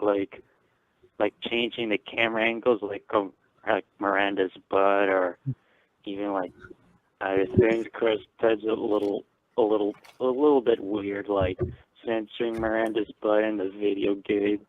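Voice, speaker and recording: A man's voice: fairly low pitch, level tone, a little slow, no room sound. A man calling in to a live show, rambling and hesitant, with many fillers. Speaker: caller. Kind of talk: casual call-in chat. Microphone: phone call. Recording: tinny dry phone line.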